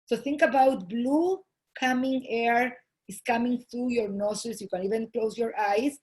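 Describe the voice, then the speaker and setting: A woman giving a talk on family habits, earnest and often pausing with fillers and restarts. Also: fairly high pitch, darkish tone. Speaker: host.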